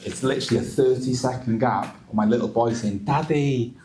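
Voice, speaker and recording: On stage at a live event in an event hall with an audience, a trader in his thirties who is a father speaks candidly and emotionally on a panel, repeating words. His medium-pitched voice is fast with fairly even intonation, and the background is noisy.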